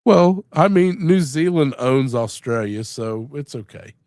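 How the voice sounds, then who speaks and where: A man's voice: mid-range voice, animated, unhurried, a little mellow, dry recording, clean studio sound. A man hosting a live stream, chatting casually in a rambling, joking way with plenty of swearing while he sounds sick and tired. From Louisiana. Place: home room.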